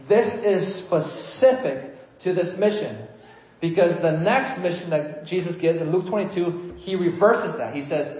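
A male preacher delivers his sermon in a loose, conversational way, breaking into lively voices whenever he quotes someone. His voice sits a little higher than most men's. He is heard in an echoey church hall on a slightly muffled recording. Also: slight background noise. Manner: conversational, animated when quoting, frequent restarts. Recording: echoey room, slightly dull sound.

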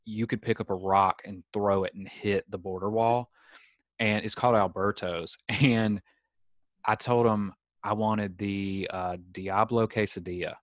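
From his home in San Diego, a young man with a Southern accent hosts a casual podcast chat, telling stories packed with "like." His voice is lowish and steady, his pace unhurried, and there's no echo.

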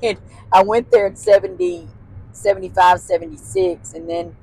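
A woman's voice: mid-range voice, very animated, normal speed, creaky, mellow, husky, low-quality recording. A woman, a guest telling childhood stories in casual chat, laughing often and using folksy phrasing. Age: 60s.

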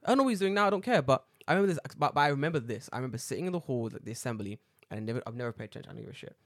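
Brief: quick-talking London man in his thirties, podcast co-host, profane, animated storyteller, dry close sound. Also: mid-range voice, dry recording. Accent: London English. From United Kingdom. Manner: swearing, animated storytelling with acted-out quotes. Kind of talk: casual chat.

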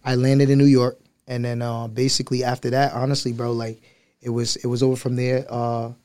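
A man in his thirties from Liberia with an American accent, telling stories as a guest in a casual, slangy, animated chat. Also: mid-range voice, brisk, smooth. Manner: animated, slangy, mimics voices. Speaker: podcast guest.

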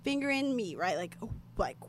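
A young American woman telling a story in casual, animated chat, with lots of filler words and sudden loud outbursts. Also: fairly high pitch, normal speed. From United States. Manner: animated, chatty, filler-heavy, bursts into shouting.

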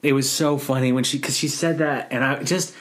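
A podcast co-host riffing on a bad movie in casual chat, animated and mocking, acting out quotes in silly voices. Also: medium pitch, a little fast.

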